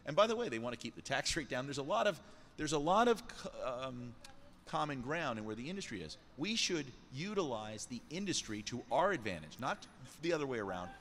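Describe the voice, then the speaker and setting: A man talking on a podcast in an animated way, often repeating words for emphasis. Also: mid-range voice, a little hiss or hum. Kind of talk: podcast conversation.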